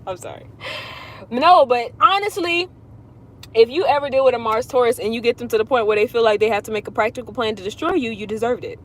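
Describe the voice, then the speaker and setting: A woman astrology reader chatting casually on a livestream from inside her car, blunt and profane, telling things with animated emphasis. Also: on the high side, fast talker.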